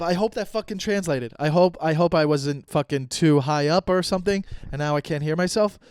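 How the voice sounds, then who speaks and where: A man's voice: fairly high pitch, a little fast, hardly any pauses, a little mellow, clear, resonant tone. A young man hosting a podcast, riffing through an improvised ad read in a rambling, profane, jokey way. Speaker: podcast host reading an ad. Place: non-studio room.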